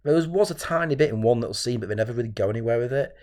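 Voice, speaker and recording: A man's voice: mid-range voice, rapid-fire, dark tone. A man hosting his own channel, ranting solo to camera in an exasperated, repetitive way. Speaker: channel host reviewing films.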